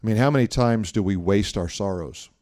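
A man's voice: on the low side, brisk, mellow, no room sound, studio quality. A man preaching a sermon, telling a story with acted-out dialogue and reading passages aloud from a book. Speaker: pastor.

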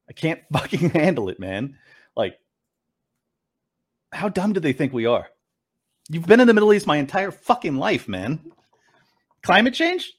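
Man, ranting commentary host, sarcastic, profane, incredulous, lively pitch. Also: husky. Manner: mocks clips with mimicking voices.

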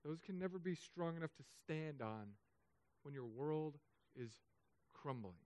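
Guy pastor preaching, kinda high voice, gets loud then goes real soft, emotional. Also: animated, measured pace, no echo. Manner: emotional, swings from loud urging to soft and hushed. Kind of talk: sermon.

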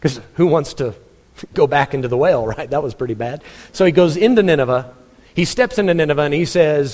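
Man preaching a lively sermon in a hall. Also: a little high, a little fast. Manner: lively storytelling, acts out quotes, chuckles often.

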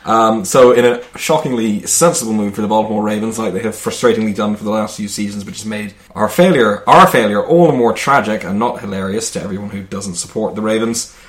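A man's voice: lowish voice, fairly even intonation, quick pace. A man co-hosting a podcast, rambling and self-deprecating with crude humor. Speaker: podcast co-host. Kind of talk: casual joking chat.

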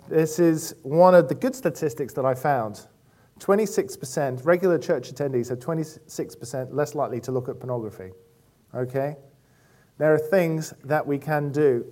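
A man giving a relaxed, conversational church talk, full of anecdotes and fillers. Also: a little high. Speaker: church speaker.

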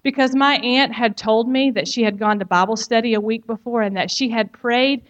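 A woman's voice: a little high, moderate pace, few pauses, dull audio. A woman giving a personal testimony, telling her story frankly and turning to the listener with emphatic asides.

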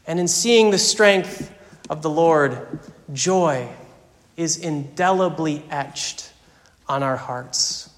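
A man preaching a sermon at a slow, deliberate pace, building rhythmic lists and sinking at times into a hushed voice. His voice sits a little high for a man. The sound rings with the long reverb of a large church. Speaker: pastor.

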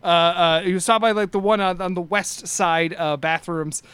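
High, clear-voiced game master. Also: male voice, fairly even intonation, fairly bright tone, dry recording. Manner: halting, full of fillers and restarts. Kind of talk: narrating a tabletop game.

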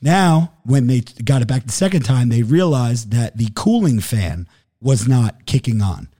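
Casting: man, mellow warm voice, loose profane storyteller, acts out both sides of calls. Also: mid-range voice, expressive, a little slow. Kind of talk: casual storytelling chat.

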